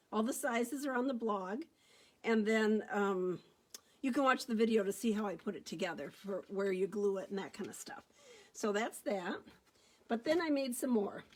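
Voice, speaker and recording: Recorded on a phone, a cheerful middle-aged woman with a slightly high voice runs a casual live card-making demo. She keeps up easy, upbeat chatter and greets viewers by name as she works.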